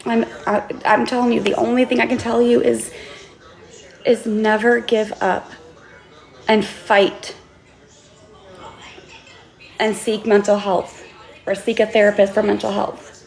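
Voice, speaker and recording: A tearful woman talks to her viewers in a raw, gravelly voice that frays into fry. She pleads earnestly and stumbles over restarts. Now and then she swears as the emotion spills over. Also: medium pitch, level tone. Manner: impassioned, swears, halting restarts. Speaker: vlogger and author. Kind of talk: emotional vlog monologue.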